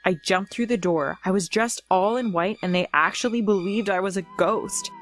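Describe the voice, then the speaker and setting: A woman's voice: mid-range voice, moderate pace, soft background music. A woman telling a first-person storytime tale in a plain, earnest way.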